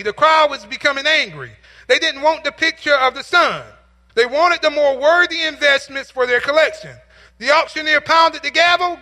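A man's voice: extremely high pitch, normal speed, bright, forceful tone, long reverb tail. A male pastor telling a story in a sermon, building to emphatic, repeated calls.

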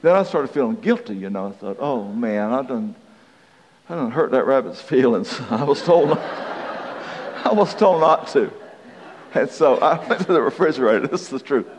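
A man's voice: mid-range voice, lively intonation, normal speed, a little hiss or hum. A man preaching a sermon, telling a folksy, self-deprecating story and chuckling through it. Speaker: pastor. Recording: dull reverberant hall recording.

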